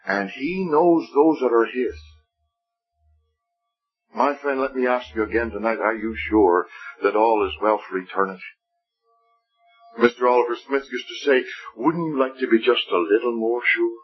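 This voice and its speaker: A man preaching a gospel sermon, earnest and pleading, with a husky voice that rises and falls. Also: medium pitch, moderate pace, long pauses, muffled recording, soft background music. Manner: earnest, rising and falling pleading delivery.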